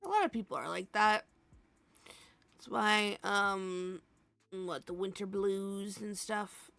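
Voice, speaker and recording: A woman's voice: mid-range voice, slow, vocal fry, fairly bright tone, no room sound. An American woman streamer, tired and laughing often, chatting casually with her viewers and greeting them by name. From United States. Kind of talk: casual live-stream chat.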